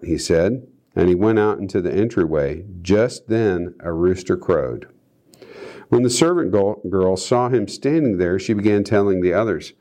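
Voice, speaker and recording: A man's voice: low-pitched, expressive, normal speed, mellow. A man reading Bible passages aloud and breaking in with casual comments, co-hosting a discussion. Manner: reads scripture aloud, then adds asides. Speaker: Bible study co-host.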